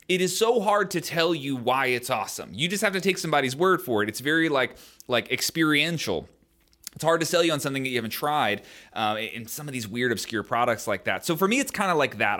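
A man's voice: medium pitch, pushed and bright. A man co-hosting a podcast, talking casually and rambling with many fillers and hedges. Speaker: podcast co-host.

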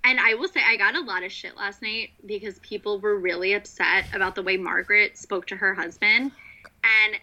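A woman's voice: mid-range voice, fairly even intonation, a little fast, bright, forceful tone, dull audio. A woman co-hosting a casual talk show, chatting loosely, swearing and saying like a lot. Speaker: podcast co-host. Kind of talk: casual chat.

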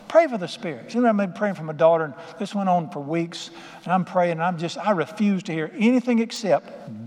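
Middle-aged male preacher, folksy emphatic storyteller, slightly higher voice, reverberant hall. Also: lively intonation, fairly quick, few pauses, darkish tone. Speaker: pastor. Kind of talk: sermon.

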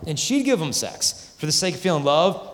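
A man giving a youth conference talk, animated and acting out voices of the people in his stories. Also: a little high, brisk. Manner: animated, acts out quoted voices. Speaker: Catholic speaker. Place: large conference hall. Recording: hall reverb from a large venue.

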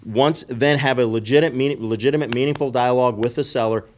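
A man's voice: mid-range voice, fairly even intonation, brisk, a little hiss or hum. Emphatic man explaining real estate. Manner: explanatory, emphatic, repeats key points. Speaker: real estate investor and podcast guest. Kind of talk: casual podcast chat.

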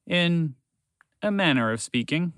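A man voicing a wise, gentle old male horse in a storybook, speaking slowly and kindly. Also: fairly high pitch, lively intonation, clean tone, no echo, clean studio sound, voice pushed up. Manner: gentle, unhurried.

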